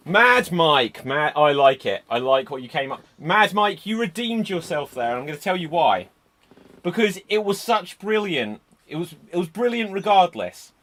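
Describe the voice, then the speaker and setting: Lively man hosting improv. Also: on the high side, normal speed. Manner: shouts "Freeze!" then gives loud, lively instructions. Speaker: improv host. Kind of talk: calling scene changes in a live improv show. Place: home, streamed over a video call. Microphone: computer mic on a video call.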